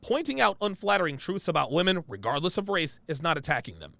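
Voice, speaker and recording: A man's voice: fairly high pitch, very animated, quick pace, gravelly, bright, forceful tone, dry recording. A man hosting reaction commentary who talks emphatically and keeps checking in with "right?" and "okay?". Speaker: commentary host.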